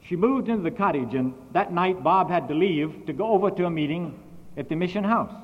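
Brief: male missionary preacher, fairly high voice, lively storytelling, dull old recording with long reverb. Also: husky. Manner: animated, big swings in volume and pitch. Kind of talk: sermon storytelling.

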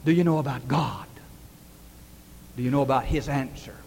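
A man's voice: medium pitch, normal speed, vocal fry, a little mellow. A man preaching a sermon, telling stories earnestly and building to emphatic questions. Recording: distant reverberant hall with faint hiss.

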